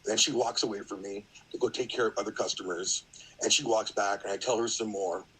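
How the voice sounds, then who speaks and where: A man's voice: fairly low pitch, steady tone, brisk, a bit bright, husky, low-quality recording. A middle-aged man, a podcast guest, telling a story in a rambling, casual way, full of fillers and acted-out quotes.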